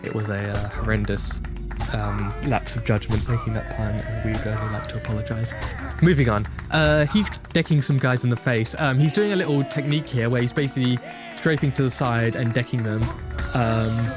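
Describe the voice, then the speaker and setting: A man's voice: medium pitch, steady tone, a little fast, music in the background. A man giving chatty, joking live commentary on a speedrun, explaining game tricks.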